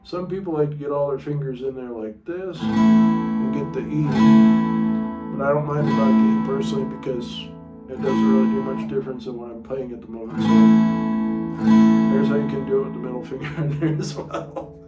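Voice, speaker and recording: A man giving a relaxed guitar lesson, thinking aloud and stopping to check his notes. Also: medium pitch, brisk, echoey room, recorded from a distance. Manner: talks with a pick in his mouth at times. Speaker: guitar teacher. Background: guitar playing.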